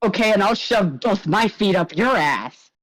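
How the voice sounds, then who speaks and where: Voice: medium pitch, expressive, moderate pace, fairly bright tone, pitched above the performer's own voice. A game master voicing a hot-tempered young woman who snaps back with curses and threats in a tabletop game. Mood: hostile. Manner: snapping, cursing, hostile.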